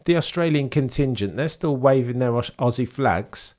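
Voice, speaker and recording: A young British man hosting a live sports watchalong, chatting with viewers and reacting to the race in a rambling, excitable way. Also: medium pitch, moderate pace. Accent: British English. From England. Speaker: livestream host. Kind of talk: live sports watchalong commentary, reading chat.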